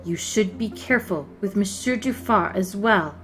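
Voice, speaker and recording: A woman's voice: medium pitch, animated, normal speed, a bit bright, soft background music, natural voice. A woman reading the lines of a haughty, condescending rich schoolgirl who lectures in a superior tone. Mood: lecturing.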